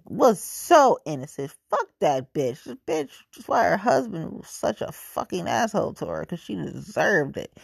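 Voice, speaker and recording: Profane, ranting woman with a lively voice. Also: lowish voice, vocal fry, breathy edge, no echo, studio quality. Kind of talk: venting monologue.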